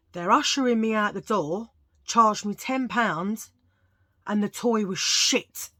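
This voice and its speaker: A woman with a Cockney accent vlogs from home, sitting under a lamp, her medium-pitched voice fairly bright on a dry recording. She chats casually with her channel viewers, telling jokey stories packed with asides.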